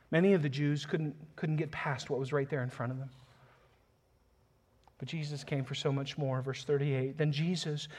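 A man preaching a sermon, reading scripture aloud and building from quiet earnestness to passionate emphasis. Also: a little high, steady tone, moderate pace, long pauses. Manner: reads scripture aloud, chuckles softly. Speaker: pastor.

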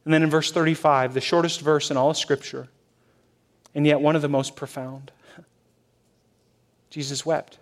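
A male pastor preaching a sermon in a church, shifting between loud emphasis and hushed softness. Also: fairly high pitch, normal speed, pauses often. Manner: expressive, swings from loud to hushed.

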